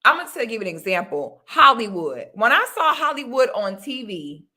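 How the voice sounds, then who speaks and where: A young woman vlogger talks casually to her audience, calling them "y'all." Her voice sits a little high and sounds bright and forceful. She is lively and chatty throughout. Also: moderate pace. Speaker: vlogger talking to viewers. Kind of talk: casual chat to camera.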